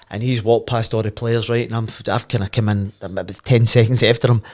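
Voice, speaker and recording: A man's voice: on the low side, a little fast, hardly any pauses. Laughing Glaswegian man spinning a yarn. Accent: Scottish, Glasgow. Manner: animated, laughs and swears freely while telling. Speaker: podcast guest, former footballer. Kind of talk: casual anecdote storytelling.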